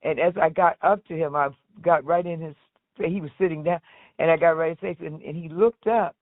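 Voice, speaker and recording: A woman from the United States, a singer interviewed as a guest, telling a long story in a lively way and acting out the voices of the people she quotes. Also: fairly low pitch, fairly quick, no room sound. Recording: tinny phone-like line, dry.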